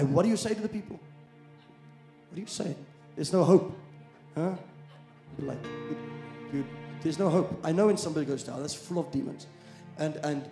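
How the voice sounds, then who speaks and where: A man preaching a sermon as pastor, shifting from quiet storytelling to loud calls to the congregation. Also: a little high, reverberant.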